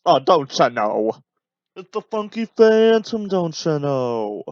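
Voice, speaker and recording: A man doing an impression of a goofy old male cartoon ghost, drawing out his catchphrases in a high put-on drawl. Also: big pitch swings, slow pace, a little mellow, dry recording, lo-fi sound, heavily acted.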